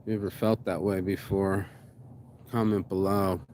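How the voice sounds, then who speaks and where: A man's voice: sits low, flat delivery, unhurried. A man from Las Vegas talking to camera in a heartfelt, rambling motivational monologue, swinging between sighs and emphatic outbursts. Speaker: vlogger. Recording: noisy ambient background.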